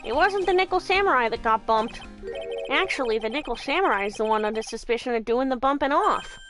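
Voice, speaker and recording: A woman's voice: high voice, animated, a little fast, fairly bright tone, faint music behind, pitched below the performer's own voice. A woman voicing a bumbling male police detective who blusters and calls everyone pal. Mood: sheepish. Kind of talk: game voice reading.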